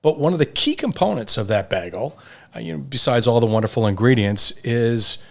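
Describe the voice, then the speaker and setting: A man's voice: mid-range voice, fairly quick, creaky. A man, a company chief executive, answering interview questions in an upbeat, assured way. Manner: upbeat, assured, steady explanation. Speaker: company CEO guest.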